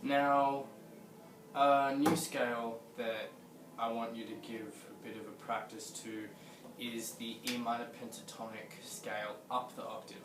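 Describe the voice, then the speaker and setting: A man's voice: medium pitch, level tone, a little slow. Guy teaching guitar scales, counts you in, echoey room, mic a ways off, guitar playing along. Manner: patient, counts in tempos. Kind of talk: video music lesson. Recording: roomy echo, distant mic, guitar.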